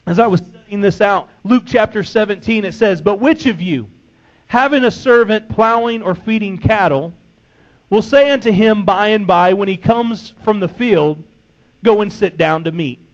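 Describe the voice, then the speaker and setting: A man's voice: high-pitched, moderate pace, highs cut off. A man preaching a sermon, emphatic, reading scripture and acting out a servant's complaints.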